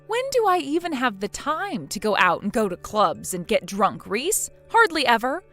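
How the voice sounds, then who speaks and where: A woman's voice: a little high, big pitch swings, normal speed, a bit bright, faint music behind, full character voice. A woman voicing a weary young wife in a text-message drama, pleading and defensive. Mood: accusing.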